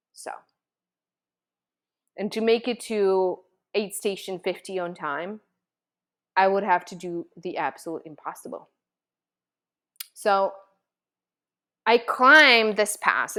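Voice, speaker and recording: Woman, host, mid pitch, personal storytelling, emotional, earnest, casual fillers. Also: a bit bright.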